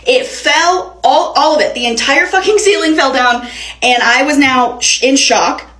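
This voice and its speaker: A young woman with a slightly high voice recounts a chaotic personal story. She talks casually and dramatically, with plenty of swearing. The sound has a roomy echo. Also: a little slow. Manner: animated, profane, dramatic retelling. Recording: echoey room.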